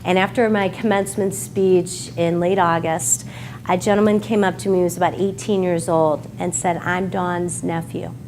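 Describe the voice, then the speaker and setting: Woman author, Midwest accent, emotional talk to a live bookstore audience, faint background noise. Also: mid-range voice. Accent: American Midwest. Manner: emotional, heartfelt, near tears at times. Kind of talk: emotional speech at a book signing. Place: bookstore event room with an audience.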